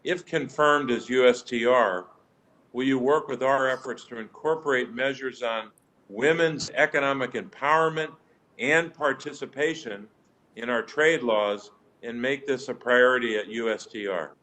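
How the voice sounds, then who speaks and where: A man, a senator, speaks into a hearing over a remote link, his voice mid-pitched. He makes measured, formal remarks and questions, now and then restarting a phrase. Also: bright, forceful tone, poor audio. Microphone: joining remotely over the web.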